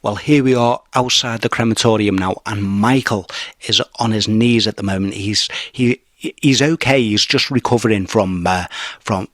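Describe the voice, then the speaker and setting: A man's voice: on the low side, a bit bright, dry recording. Nervous English man on a ghost hunt. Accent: English, Merseyside. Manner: nervous, earnest, repeats phrases. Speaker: paranormal investigator reporting. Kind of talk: on-location report. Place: abandoned asylum at night.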